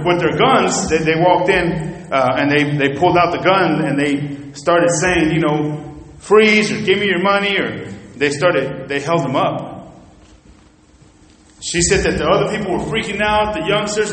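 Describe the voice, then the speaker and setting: A man preaching a sermon in a church, telling stories in an animated way and swinging between loud and hushed. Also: a little high, measured pace. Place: church sanctuary. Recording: echoey church hall.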